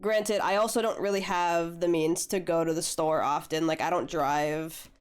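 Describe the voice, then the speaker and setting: A young woman art streamer chatting casually with viewers while she draws, a little hoarse as she gets over a flu, laid-back and swearing freely. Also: lowish voice, steady tone, normal speed.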